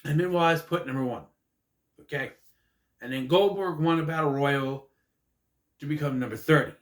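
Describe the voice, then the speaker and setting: A man's voice: on the high side, moderate pace. A man rambling through a casual, jokey recap monologue with asides. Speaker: wrestling recap vlogger. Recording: echoey room.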